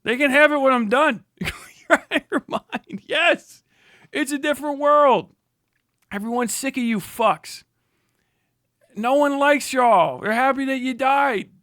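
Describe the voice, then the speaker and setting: Stream host, 30s man, very high and bright voice, profane and furious, dry close sound. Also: a little slow, pauses often, dry recording. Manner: profane, shouting insults, bursts of laughter. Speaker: livestream host. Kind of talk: angry livestream rant.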